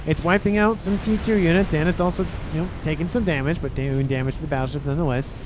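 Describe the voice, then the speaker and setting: A man casting a real-time strategy match, excitable and talking straight to the players. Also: fairly high pitch, fast, over music. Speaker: game caster. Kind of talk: strategy game commentary.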